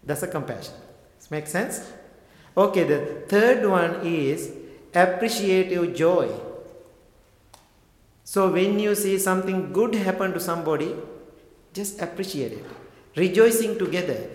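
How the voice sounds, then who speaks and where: Monk teaching in an echoey hall. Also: male voice, a little high, expressive, a little slow, long pauses. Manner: gentle, plain phrasing with questions to the audience. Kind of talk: dharma talk.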